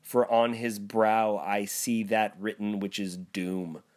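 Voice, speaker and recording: A man's voice: fairly low pitch, little pitch movement, slow. A man reading as a solemn, sorrowful Christmas spirit. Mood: grave warning. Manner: grave, warning tone.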